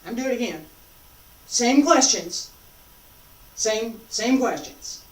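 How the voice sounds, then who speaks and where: A woman instructor leading a martial arts practice, giving calm, repeated cues and asking questions as she demonstrates. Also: fairly high pitch, slow pace. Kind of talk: teaching while demonstrating. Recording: echoey room, voice from a distance.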